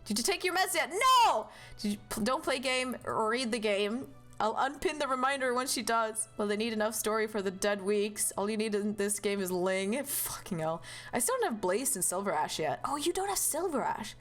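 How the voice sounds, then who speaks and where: A young woman streaming a game, chatting casually and animatedly with viewers, with loud outbursts and swearing. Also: medium pitch, lively intonation, normal speed, faint music behind. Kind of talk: casual live-stream chat.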